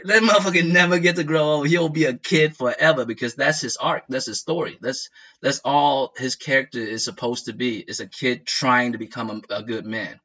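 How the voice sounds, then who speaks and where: A man who grew up in the United States, talking casually as a streamer in a profane, animated rant full of laughs. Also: medium pitch, normal speed. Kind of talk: casual chat. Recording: dull lo-fi audio.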